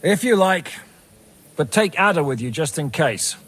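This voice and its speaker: A commanding mercenary captain. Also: male voice, a little high, animated, a bit bright. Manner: brisk, giving orders.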